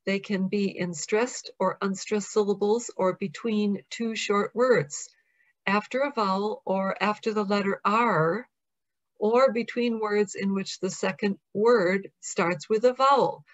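A woman with an American accent, a professor giving a recorded academic lecture in a measured, explanatory way, reading out example words slowly. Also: medium pitch. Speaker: professor presenting.

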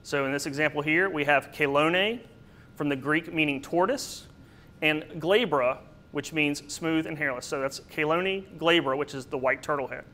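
A man delivers a slide-based botany lecture in a fairly high, bright voice. He explains step by step, with occasional fillers and little asides to his audience. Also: normal speed. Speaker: presenter.

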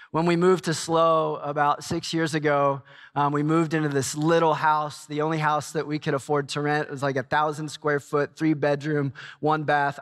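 A man in his forties preaching a sermon in a church, telling a self-mocking story with lively energy. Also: fairly high pitch. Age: 40s. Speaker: pastor. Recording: long hall reverb.

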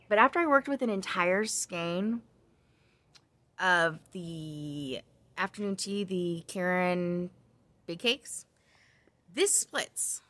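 Woman crochet vlogger, low-ish bright voice, dry sound, rambling chat with tangents. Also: no echo. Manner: chatty, rambling with side tangents; frequent ums and self-corrections. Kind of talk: casual chat.

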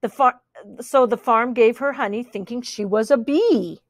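A woman reading a children's picture book aloud in an animated, playful way, commenting on the pictures. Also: on the high side, normal speed, dry recording, studio quality.

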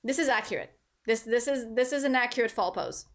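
She speaks briskly in a voice on the high side, giving casual gameplay commentary while streaming. Animated throughout, she talks with her viewers and reads game lines aloud.

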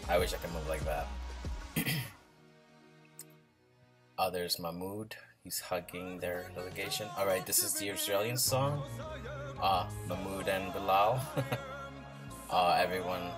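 A man hosting a reaction video, chatting casually and gushing with excitement as he watches. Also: low-pitched, unhurried, pauses often. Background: music playing from the video.

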